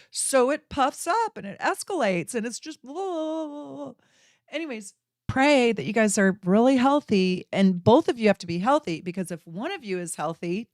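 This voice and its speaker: A woman hosting an astrology channel, talking casually to camera as an animated storyteller who laughs and acts out voices. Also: mid-range voice, no echo, clean studio sound.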